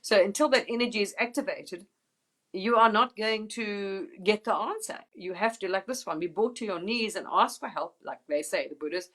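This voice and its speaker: A woman's voice: medium pitch, moderate pace, fairly bright tone. Woman on a live stream chat, emphatic and rambly, mid voice, swears a bit. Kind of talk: casual spiritual live chat.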